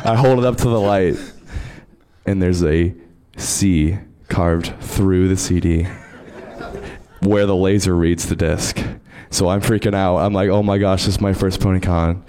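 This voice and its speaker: A man with a very low voice tells a long, funny story on a panel. He is casual and self-mocking, and he laughs at his own bad luck as he talks. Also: steady tone, measured pace, darkish tone. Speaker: DJ on a convention panel.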